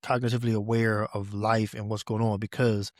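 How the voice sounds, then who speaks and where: A man hosting a podcast in casual conversation, relaxed and repeating key phrases for emphasis. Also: fairly low pitch, brisk, dry recording, clean studio sound. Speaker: podcast host.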